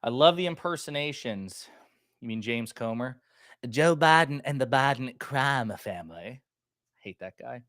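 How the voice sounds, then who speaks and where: A man hosting a live political chat stream in a loose, joking way, stopping now and then to clear his throat from a lingering cough. His voice sits in an ordinary middle pitch. The sound is dry and close, with no room echo. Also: a bit bright. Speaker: political commentary livestream host. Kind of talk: casual livestream chat, reading viewer comments.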